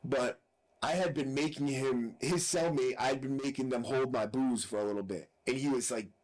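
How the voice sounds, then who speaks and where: A man's voice: mid-range voice, moderate pace, darkish tone, low-quality recording. A man recounts a story on his podcast in a casual, blunt way. He swears freely and keeps checking in with asides, his voice sitting in an ordinary middle register. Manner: profane, blunt, with frequent "right?" asides. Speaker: podcast host.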